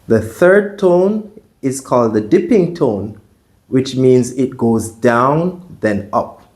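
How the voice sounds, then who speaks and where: A man's voice: mid-range voice, expressive. A man teaching a Mandarin pronunciation lesson, explaining the tones step by step and modeling each sound aloud for the learner to repeat. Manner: deliberate, models tones out loud. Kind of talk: slow, careful pronunciation lesson.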